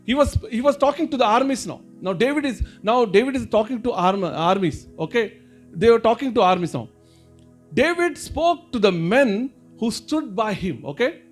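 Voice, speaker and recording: A very high-voiced man with an Indian English accent preaches a sermon. He circles back over each point, rephrasing it, and keeps calling his listeners brother and sister. Soft music plays faintly behind him. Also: expressive, normal speed. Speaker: pastor.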